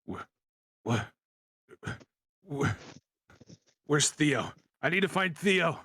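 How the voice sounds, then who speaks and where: A man playing in a tabletop game, talking quickly and laughing easily. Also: fairly high pitch, lively intonation, pushed and bright, breathy edge, dry recording, clean studio sound. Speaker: player.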